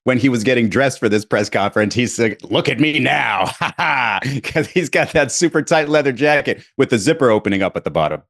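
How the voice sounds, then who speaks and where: A man's voice: medium pitch, expressive, fairly quick, hardly any pauses, a bit bright. Wry guy co-hosting a sports podcast, joking around, mid-range voice. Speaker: podcast co-host. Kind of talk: casual sports chat.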